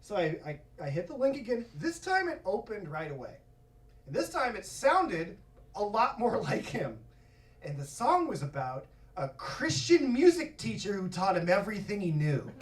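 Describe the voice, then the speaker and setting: A man's voice: sits high, huge pitch swings, normal speed. A man doing stand-up, telling a long story in a profane, self-mocking way on a comedy club stage. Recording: roomy live club from a distance. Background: audience laughter.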